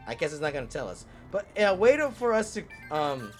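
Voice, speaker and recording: Lively, excitable man narrating a video game, rambling and cursing; wildly varied and fairly high pitch. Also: a little fast, soft background music. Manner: rambling, excitable, swears and laughs. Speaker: let's play host. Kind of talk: gameplay commentary.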